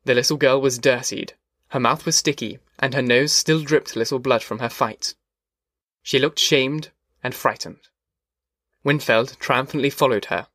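A man reading a novel aloud as an audiobook narrator, measured and steady. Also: medium pitch, no room sound, clean studio sound.

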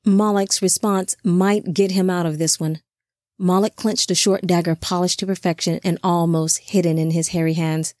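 A woman narrating an audiobook in an even, measured reading. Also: on the low side, no room sound, studio quality.

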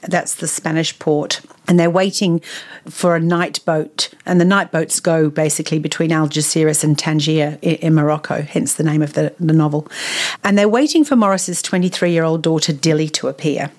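A woman's voice: low voice, fairly even intonation, normal speed, darkish tone. A woman chatting enthusiastically about a novel she read, laughing now and then. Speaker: book reviewer. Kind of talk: casual book chat.

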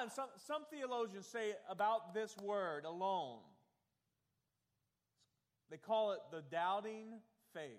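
A man preaching a sermon to a congregation, questioning them directly and building from quiet explanation to fervent, emphatic delivery. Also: high-pitched. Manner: preaching with rising intensity, asks the congregation to raise hands. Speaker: pastor. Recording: long hall reverb.

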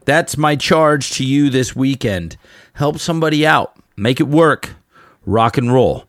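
A middle-aged man from Southern California talks in a rambling, blunt monologue, drifting between side stories before getting worked up and preachy. His voice sits at an ordinary middle pitch and sounds close and dry, with almost no room around it. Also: expressive, a little slow, dry recording. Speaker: podcast host and musician. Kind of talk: casual monologue storytelling.

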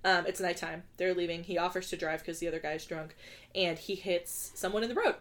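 A woman casually recapping a film plot on a podcast, animated and often laughing. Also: on the low side, brisk. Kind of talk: casual chat.

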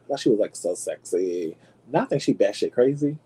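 A man hosting a podcast and dishing celebrity gossip in a sassy, dramatic way, calling his listeners y'all and jumping into high squeals to make a point. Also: lively intonation, a little fast, warm tone, breathy edge, low-quality recording. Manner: swoops into high squeals for emphasis. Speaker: podcast host. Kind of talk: casual gossip commentary.

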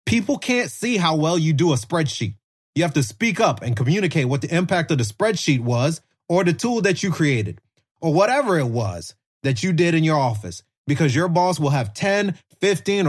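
A man hosting a podcast, speaking in a measured, deliberate way. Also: on the high side. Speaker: podcast host. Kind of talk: prepared interview speech.

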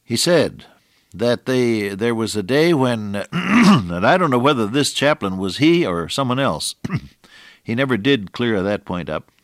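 An older man preaching a sermon, moving between hushed storytelling and raised, emphatic exhortation with slow, deliberate phrasing. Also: mid-range voice, animated, no echo, clean studio sound.

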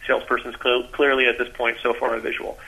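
A man's voice: medium pitch, fast, creaky, highs cut off. A man, a sales trainer, explaining with energy as a radio guest and acting out bits of sales talk. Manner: animated, acts out sales dialogues.

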